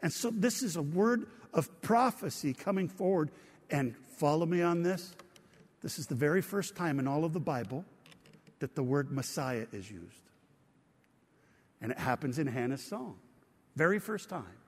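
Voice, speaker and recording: A man's voice: on the high side, animated, normal speed, breathy edge. Engaging male pastor preaching in a hall. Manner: engaging, asks the congregation questions. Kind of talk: sermon.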